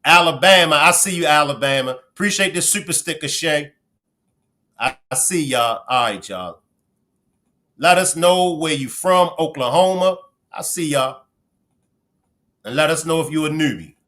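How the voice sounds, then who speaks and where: A man from Baltimore with a Baltimore accent, hosting a casual livestream and chatting with viewers as he gives shout-outs. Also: fairly high pitch, lively intonation, moderate pace, long pauses. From Baltimore, Maryland. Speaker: livestream host.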